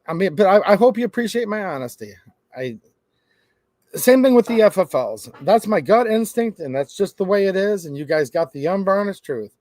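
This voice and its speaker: A man's voice: high voice, expressive, moderate pace, darkish tone, dry recording. A man hosting a gun rights channel, talking to camera in a rambling, emphatic, conversational way. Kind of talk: casual monologue to camera.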